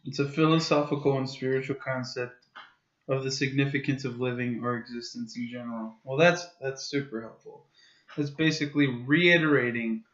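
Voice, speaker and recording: A young man co-hosting a podcast, telling stories with laughter and loud quoted voices. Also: medium pitch, steady tone, moderate pace. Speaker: podcast co-host. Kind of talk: casual chat. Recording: roomy, dull lo-fi home recording.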